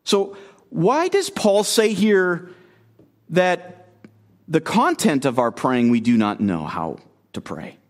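Animated man preaching an expository sermon. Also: fairly high pitch, slow. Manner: earnest, emphatic, repeats phrases, questions the audience. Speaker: guest preacher.

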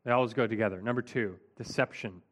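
A man's voice: lowish voice, fast talker. A man preaching an expository Bible teaching in a conversational, emphatic way, often saying "like".

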